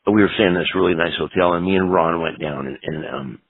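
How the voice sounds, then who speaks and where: A man's voice: deep voice, fast, slightly rough. A middle-aged man telling rambling, profane road stories as an interview guest. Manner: rambling, profane, lots of "you know". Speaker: punk guitarist interview guest. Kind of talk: casual storytelling interview. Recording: tinny phone-like audio.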